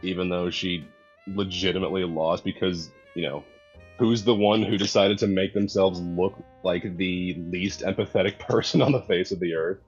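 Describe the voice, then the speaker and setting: A man's voice: deep voice, steady tone, moderate pace. A man in casual chat on a commentary stream who often stops, restarts and searches for his words. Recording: dull lo-fi sound with faint music.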